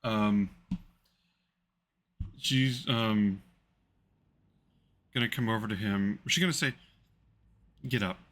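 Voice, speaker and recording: A man with a fairly low but bright, forceful voice runs a tabletop roleplaying one-shot as game master. He narrates casually, drifting and filling pauses as he goes. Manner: casual, rambling narration with fillers.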